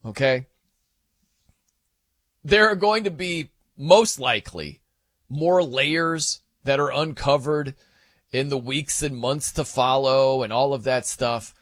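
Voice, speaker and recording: A man's voice: on the high side, no room sound, studio quality. A man hosting a sports talk show in a casual, rambling way, full of fillers and asides. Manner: animated, rambling, lots of fillers and laughs.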